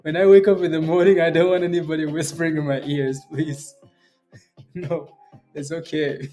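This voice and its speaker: A man's voice: fairly high pitch, flat delivery, normal speed, warm tone, faint music behind. A man hosting a live day trading stream, chatting casually, laughing often and answering viewers by name. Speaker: day trading livestream host.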